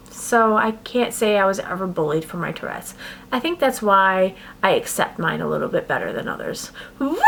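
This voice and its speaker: A woman's voice: medium pitch, a bit bright, a little hiss or hum. A young woman telling her personal story to camera in a rambling, casual way, with sudden vocal tic outbursts. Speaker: vlogger.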